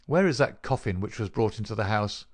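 A man's voice: on the low side, lively intonation, brisk, dry recording. A man voicing a cool, commanding male detective in an audiobook, with clipped, firm speech. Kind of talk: audiobook character reading.

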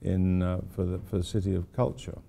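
A man's voice: sits low, level tone, brisk, gravelly, mellow. An older man, an architect giving an informal lecture, rambling through anecdotes with wry asides.

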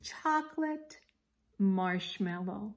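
A woman's voice: medium pitch, animated, very slow, a little hiss or hum. A woman voicing Alvin, a clever male alligator in a storybook, calling out eagerly. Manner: eager, exclaiming.

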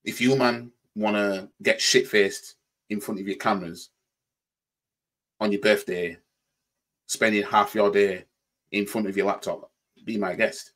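Yorkshire bloke, reaction host, low husky voice, repeats himself, casual rant. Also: male voice, fairly even intonation, unhurried, long pauses, fairly bright tone. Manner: repeats "you know what I mean", stammers on restarts; mocking mimicry in quoted voices.

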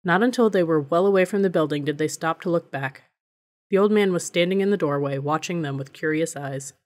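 Woman reading an audiobook, low voice. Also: fairly quick, a little mellow. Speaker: audiobook narrator. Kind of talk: scripted narration.

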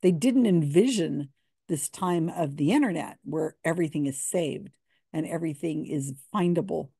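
A woman's voice: low-pitched, normal speed, creaky, mellow, husky, no room sound, clean studio sound. A woman giving casual, sarcastic commentary with a skeptical edge. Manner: sarcastic, skeptical, laughs often. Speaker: commentator on psychic readings.

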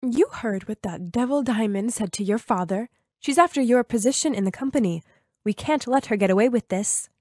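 A woman's voice: a little high, moderate pace, darkish tone, no echo, studio quality, lightly acted. A woman voicing a scheming, determined mother who talks in an insistent, persuasive way.

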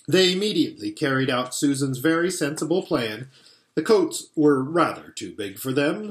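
A pastor reading a storybook aloud in an expressive, animated way, in a roomy-sounding space. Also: male voice, on the high side. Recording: roomy echo.

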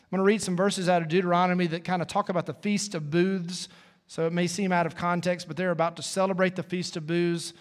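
A man's voice: high voice, little pitch movement, fast. Man preaching with church reverb. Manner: conversational preaching, folksy asides. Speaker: pastor. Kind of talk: sermon. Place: church sanctuary.

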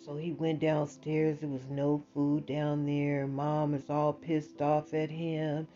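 A woman narrating a bedtime story in a casual, colloquial, animated way. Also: low-pitched, slow pace. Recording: dull lo-fi sound, faint music.

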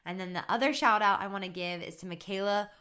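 Woman podcast host and coach, bright and bubbly, slangy and chatty. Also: mid-range voice, fast talker, clear, resonant tone. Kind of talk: casual solo podcast talk.

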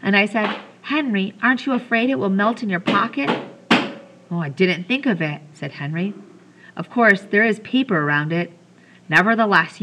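A woman reading a children's novel aloud, telling the story gently and lightly voicing the characters. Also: fairly low pitch, noisy background. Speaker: audiobook reader.

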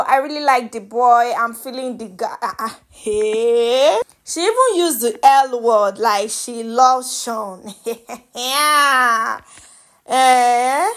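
A woman's voice: a little high, a bit bright. Chatty Nigerian woman gossiping. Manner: chatty and playful, mixing in pidgin and laughing. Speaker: reality show commentator. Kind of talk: casual gossip commentary.

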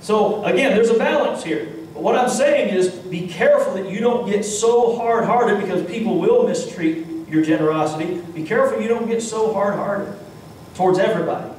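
A male pastor with a Kentucky accent preaching to his congregation in a fairly high voice. He tells stories with animation and reads scripture aloud. The recording is strongly echoey and picked up from well back in the church, with faint room noise. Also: distant mic. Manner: storytelling, animated, talks to the congregation. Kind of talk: sermon with Bible reading. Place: church sanctuary.

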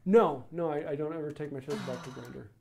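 A man hosting a live woodworking stream, answering viewer questions in a casual, rambling way with many pauses. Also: a little high, gravelly. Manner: relaxed, rambling explanations with many ums. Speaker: woodworking channel host.

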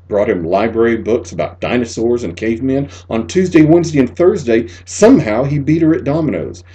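A man narrating a literary short story as an audiobook, measured and expressive, sinking to a near whisper in the sad passages. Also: medium pitch, husky. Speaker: audiobook reader.

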